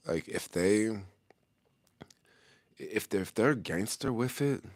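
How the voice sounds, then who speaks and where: A man's voice: fairly low pitch, animated, takes it slowly, dry recording. A middle-aged man talking casually to the camera in loose, slangy street talk, chuckling often as he answers a viewer's question.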